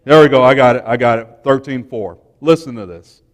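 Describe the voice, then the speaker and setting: A man giving an informal, emotional sermon to young people, swinging between quiet and loud. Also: mid-range voice, brisk. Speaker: speaker at a church youth talk. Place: church hall. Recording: long church hall reverb.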